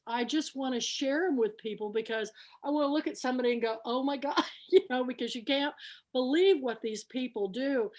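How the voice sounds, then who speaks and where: A middle-aged woman hosting an online book club, telling anecdotes in an animated way and laughing often. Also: high voice. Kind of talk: casual storytelling on an online show.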